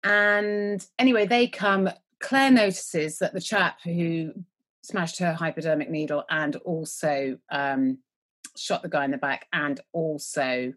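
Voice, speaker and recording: A woman's voice: low voice, fairly even intonation, takes it slowly, a bit bright. A woman co-hosting a podcast, recapping a TV episode in casual, rambling chat, joking and trailing off mid-word. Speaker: podcast co-host.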